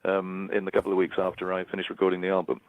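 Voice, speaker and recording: A very low-voiced man thinks aloud, stopping and restarting his phrases as he answers an interview. The sound is thin and phone-like, close and with no room around it. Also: monotone, no echo. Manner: halting, repeats words while searching for phrasing. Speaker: interviewed musician. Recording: dry, tinny phone-like archival clip.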